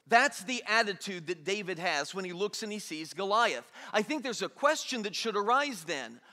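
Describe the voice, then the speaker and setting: A man preaching a sermon in an animated way, acting out the people in the story in everyday voices. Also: sits high, moderate pace, few pauses. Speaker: pastor. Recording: long hall reverb.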